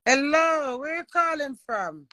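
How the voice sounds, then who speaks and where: High, bright Jamaican woman chatting. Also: lively intonation, a little slow, no room sound. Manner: chatty patois, playful and boastful. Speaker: livestream host. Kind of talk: casual livestream chat.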